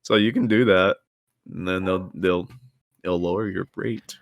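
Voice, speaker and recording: A man's voice: sits low, steady tone, measured pace, vocal fry, no room sound, clean studio sound. A young man co-hosting a casual comedy podcast, rambling through jokey stories with plenty of restarts. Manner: rambling, jokey, slips into silly voices. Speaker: podcast co-host.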